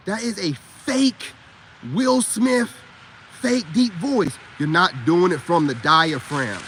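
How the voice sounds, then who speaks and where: A man's voice: high voice, takes it slowly, a bit bright, a little hiss or hum. A man giving a blunt, profane lecture in a casual rant straight to camera. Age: adult parent. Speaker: vlogger. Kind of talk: casual ranting monologue.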